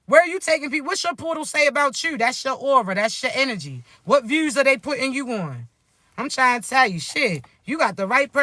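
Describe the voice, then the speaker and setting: A woman with a bright, forceful voice gives spiritual coaching advice straight into the camera. She is blunt and profane and does not sugarcoat anything, calling her listeners baby between preachy asides. The sound is close and dry. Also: high-pitched, big pitch swings, moderate pace, no room sound. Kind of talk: casual motivational vlog talk.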